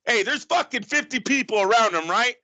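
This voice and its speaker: A man co-hosting a casual podcast, excitable and profane, often laughing. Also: very high-pitched, brisk, no room sound. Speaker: co-host.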